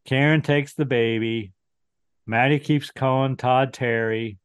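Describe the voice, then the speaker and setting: Brief: male podcast co-host, wry dry recap delivery, mid-pitched, close dry mic. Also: steady tone, a little slow, clear, resonant tone, no echo. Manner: dry, wry plot retelling with chuckles. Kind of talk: casual movie recap chat.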